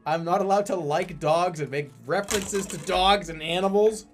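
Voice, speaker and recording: A man's voice: high voice, moderate pace, soft background music. A man in his forties chatting casually on a live stream, joking and often laughing. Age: 40s. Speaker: livestreamer.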